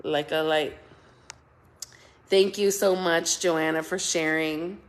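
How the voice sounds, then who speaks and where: A woman's voice: sits low, steady tone, takes it slowly. A middle-aged woman hosting a casual livestream, chatting and thanking viewers by name, often laughing. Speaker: livestream host reading viewer comments.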